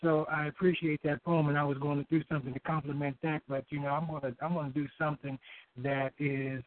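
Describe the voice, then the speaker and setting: A man calling in to read his spoken-word poem, halting at times and filling gaps with fillers and restarts. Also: fairly high pitch, level tone, no echo. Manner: halting, with many fillers and restarts between lines. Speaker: caller reading his poem. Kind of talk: spoken-word poetry over the phone. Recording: tinny phone line.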